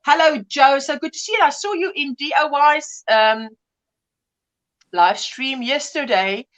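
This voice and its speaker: A woman in her fifties with a high voice hosts a homey webcam livestream. She chats loosely, greets viewers by name and drifts into stories with frequent laughs. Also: unhurried, fairly bright tone, lo-fi sound. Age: 50s. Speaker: livestream host. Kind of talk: casual chat reading viewer comments.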